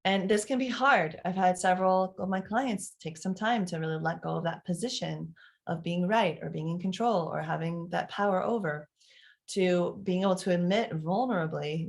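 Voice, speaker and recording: Animated woman parenting coach. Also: lowish voice, fairly quick, gravelly. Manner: animated, acts out quotes, many fillers and restarts. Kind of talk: live online coaching talk.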